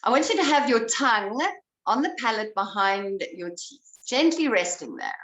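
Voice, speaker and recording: A woman breathwork instructor leading a guided breathing exercise, giving slow, calm instructions. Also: on the high side. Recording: roomy sound, voice away from the mic.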